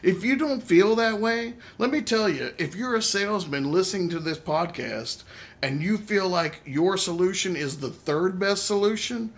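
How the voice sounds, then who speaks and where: A man's voice: high voice, animated, normal speed. A man hosting a podcast, chatting casually and steering the conversation. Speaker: podcast host.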